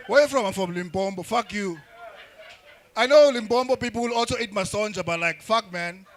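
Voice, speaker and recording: A young man doing crude, rambling stand-up comedy with frequent restarts and shouted bursts. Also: sits high, normal speed, long pauses, soft background music. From South Africa.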